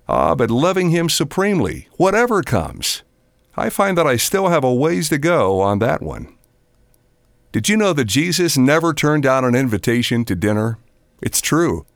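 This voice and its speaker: Animated older male storyteller, gravelly voice. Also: medium pitch, no echo, clean studio sound. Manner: animated storyteller acting out quotes. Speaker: preacher. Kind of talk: narrated devotional storytelling.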